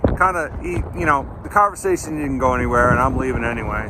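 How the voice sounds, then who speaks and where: A young man narrates his metal-detecting outing in a loose, rambling way, often stopping and restarting mid-sentence. His voice sits at an everyday middle pitch. The recording is made outdoors on a camera mic, with clear wind and ambient noise behind him. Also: steady tone. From Maine. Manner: rambling, chatty, halting restarts. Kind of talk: casual outdoor vlog narration. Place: outdoors in a cold field.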